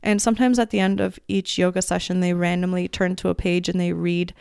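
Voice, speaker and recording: Chatty woman podcast host, gravelly edge. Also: lowish voice, level tone, a little fast, no room sound. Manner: chatty, effusive, many fillers like "um" and "like". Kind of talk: casual solo podcast talk. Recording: dry close recording, soft music behind.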